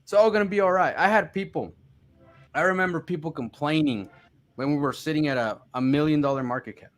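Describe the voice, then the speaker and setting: A man chatting casually on a live audio space, animated and mocking complainers in put-on voices. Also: on the high side, brisk. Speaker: crypto project team member.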